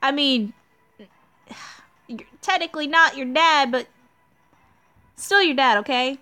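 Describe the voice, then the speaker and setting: A woman's voice: high-pitched, unhurried, pauses often, sharp tone, soft background music. A woman reading a game story aloud, breaking off with joking, self-mocking comments. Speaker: game reader. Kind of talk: casual asides while playing a game.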